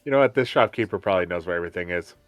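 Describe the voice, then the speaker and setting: Playful male player, fairly low voice, dry close sound, hams up mock outrage. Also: lively intonation, racing, no room sound, soft background music. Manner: jokey, mock-dramatic. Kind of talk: playing a tabletop game.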